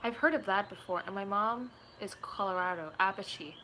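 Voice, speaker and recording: A woman's voice: medium pitch, moderate pace, pushed and bright, slight background noise. A woman, chatting casually and rambling through viewer questions, giggling often. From Puerto Rico. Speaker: gaming YouTuber.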